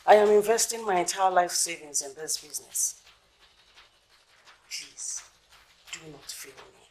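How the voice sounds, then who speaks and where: A woman's voice: on the low side, lively intonation, unhurried, a little mellow, a little hiss or hum. An actress playing a desperate married woman demanding her lost savings in a film drama. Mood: pleading. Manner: pleading and insistent. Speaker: investor.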